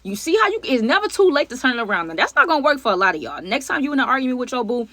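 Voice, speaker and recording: A woman telling a storytime vlog to her viewers, animated and slangy, calling them y'all and acting out what people said. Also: sits high, very fast, no echo. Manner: acts out other people's lines mid-story.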